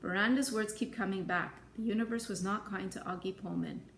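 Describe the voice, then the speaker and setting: A woman reading a novel aloud in plain, even storytelling. Her voice has a gravelly edge, and the room rings with echo under a faint hiss. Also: mid-range voice, fairly quick. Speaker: audiobook reader.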